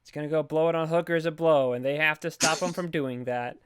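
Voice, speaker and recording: A man with a clear, fairly high voice, sarcastic and goofy as he recaps a movie and spins mock conspiracy theories. His voice is crisp and close to the mic, with a dry sound and no room echo. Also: fairly quick. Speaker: podcast co-host. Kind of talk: casual movie recap chat.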